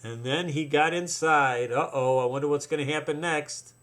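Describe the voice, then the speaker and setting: A man reading a picture book aloud to his children, playful and drawn-out, stopping often to point things out and comment. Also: on the high side, fairly bright tone, a little hiss or hum.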